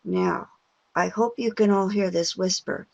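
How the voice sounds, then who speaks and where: A woman's voice: on the low side, a little slow, gravelly, a little mellow, no room sound, lo-fi sound. An older woman giving a pronunciation webinar, patient with her listeners, stretching out stressed vowels as she demonstrates words. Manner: patient and encouraging with the audience. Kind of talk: slow, deliberate lecture.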